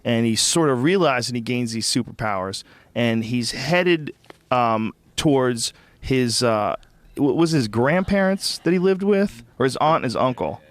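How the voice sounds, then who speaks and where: A man hosting a casual podcast chat, making dry joking remarks and musing out loud. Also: medium pitch, expressive, measured pace, dry recording.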